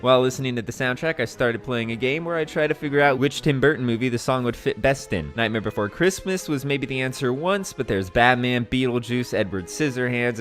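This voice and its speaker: A man's voice: medium pitch, a bit bright. Enthusiastic young man reviewing a game. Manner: enthusiastic, conversational. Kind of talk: video game retrospective narration.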